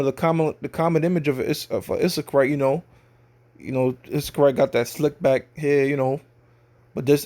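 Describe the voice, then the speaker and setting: A man's voice: a little high, warm tone. A man teaching scripture in a loose, slangy, conversational way, often checking in with his listeners. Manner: slangy street talk. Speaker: religious teacher.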